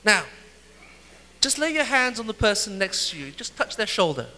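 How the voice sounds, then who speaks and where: A man preaching a sermon in pauses for an interpreter, acting out scenes and dropping to a soft, slow voice for quoted words. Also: high-pitched. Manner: animated, acts out scenes, drops to soft slow voice for Jesus' words. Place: church hall. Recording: echoey hall. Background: long hall reverb.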